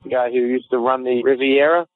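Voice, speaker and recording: A man's voice: medium pitch, steady tone, brisk. A man hosting a podcast, trading crude comedic banter in a brash, profane, ribbing way. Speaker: podcast host. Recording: tinny phone-like audio.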